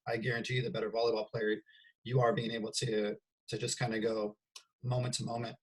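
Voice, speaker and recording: A man, a volleyball coach, interviewing a former player in a measured, reflective way, with some "um" and "you know". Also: mid-range voice, steady tone, a little mellow. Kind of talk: casual interview talk.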